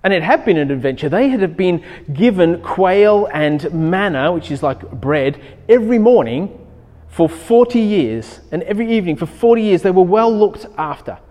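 A man preaching a sermon, telling a personal story in an animated way and acting out his own thoughts. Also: high voice, normal speed. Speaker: pastor. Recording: long hall reverb.

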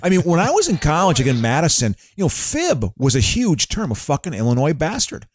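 Animated man rambling baseball trivia. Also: a little high, a little fast, no echo, studio quality. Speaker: podcast co-host. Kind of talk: casual chat.

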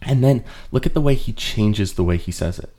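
A man with a very low, warm, mellow voice teaches a Bible study on his podcast. He explains in an earnest way and goes back over his points to drive them home. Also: expressive, a little fast. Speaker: host.

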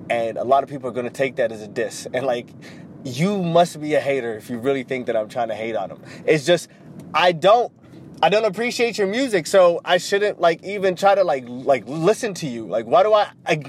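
A man's voice: mid-range voice, a little hiss or hum. A man hosting a casual solo podcast, rambling and swearing with lots of fillers. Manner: rambling and profane, full of "like" fillers. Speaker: podcast host.

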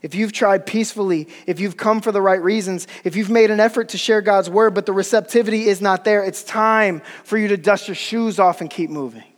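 A man's voice: sits high, fairly even intonation, a little fast, hardly any pauses. A man preaching a sermon in a casual, slangy, earnest way. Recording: long hall reverb.

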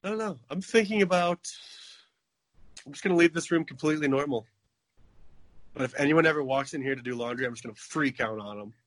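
A man's voice: fairly high pitch, fast, pauses often, no room sound. A man in his thirties co-hosting a podcast in casual chat, joking and slipping into silly voices. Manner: jokey, slips into silly voices. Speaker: podcast co-host.

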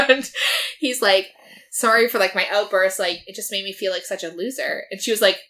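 A woman's voice: medium pitch, moderate pace, sharp tone. A young woman in casual chat, recapping a TV episode in a filler-heavy way and quoting the characters in her own voice. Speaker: podcast co-host.

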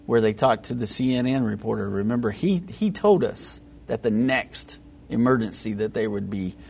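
Texan male co-host, gravelly, laid-back and halting, light hiss. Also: lowish voice, a little mellow. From Texas. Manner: laid-back, hesitant, lots of ums and laughs. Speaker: podcast co-host. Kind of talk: casual religious talk show.

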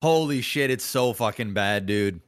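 A man's voice: mid-range voice, measured pace, smooth, dry recording. A man co-hosting a podcast, in casual chat, blunt, emphatic and profane. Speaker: podcast co-host.

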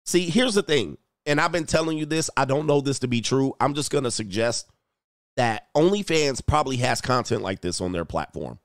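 A man's voice: mid-range voice, expressive, normal speed, dry recording, clean studio sound. A man hosting a reaction commentary channel, blunt and mocking, repeating phrases for emphasis. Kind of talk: reaction commentary on a video clip.

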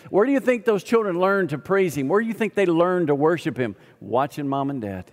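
A man's voice: fairly high pitch, big pitch swings, normal speed, long reverb tail. A man preaching a sermon, telling a story and acting out both sides of the conversation. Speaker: pastor.

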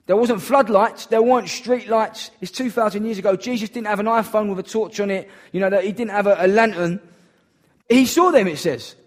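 A man's voice: high-pitched, brisk. A man preaching a sermon in an earnest, emphatic way, repeating key phrases for weight.

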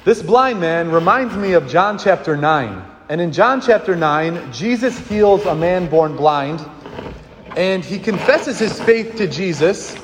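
A man's voice: high voice, lively intonation, unhurried. A man giving an earnest sermon as a priest, asking the congregation questions and leading them in a response. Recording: long hall reverb with clear background noise.

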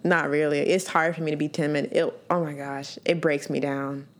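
A woman's voice: low-pitched, moderate pace. A young woman co-hosting a podcast, chatting casually. She teases her co-host and laughs often. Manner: lively, laughs often, teasing. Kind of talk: casual chat.

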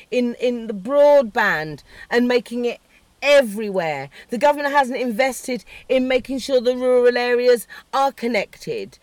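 A woman's voice: fairly high pitch, normal speed, no room sound. A woman hosting a podcast, delivering a heated, sweary, sarcastic political rant. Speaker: podcast host.

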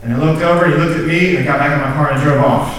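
Racing along in a fairly high voice, a young man tells a story during a sermon at a student group meeting, with a little hiss or hum in the audio. He's earnest and self-deprecating, laughing at his own tales and repeating words when excited. The recording comes from a distance in a very echoey, student-filled large room.

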